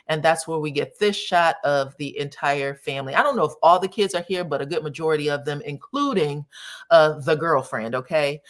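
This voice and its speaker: A woman commentator casually recapping a reality show episode, chatty and sassy, talking straight to her viewers. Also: low voice. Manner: chatty, addresses viewers as y'all, sassy asides.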